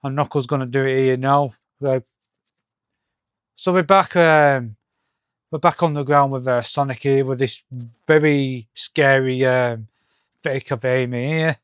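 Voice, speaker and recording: A man walks through a comic book issue, talking in a halting, hesitant way with many fillers and restarts, and reading the dialogue aloud in his own voice. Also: medium pitch, steady tone, smooth, no room sound, studio quality. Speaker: comic reviewer. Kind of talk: casual comic-book walkthrough.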